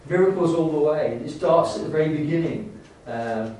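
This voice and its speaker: Brief: a man preacher in a church, slightly high voice, stumbling restarts then fervent bursts, faint hum behind. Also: lively intonation, mellow. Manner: halting, full of restarts and fillers, rising to fervent emphasis. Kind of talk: sermon. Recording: echoey church hall, distant mic.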